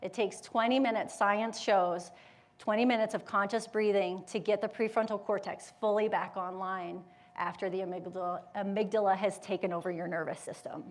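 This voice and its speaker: A woman giving a live motivational talk to an audience, lively and conversational, asking the room questions and briefly acting out inner voices. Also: mid-range voice. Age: adult with school-age children. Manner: animated, acts out inner voices with quick quotes. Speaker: motivational speaker and yoga educator.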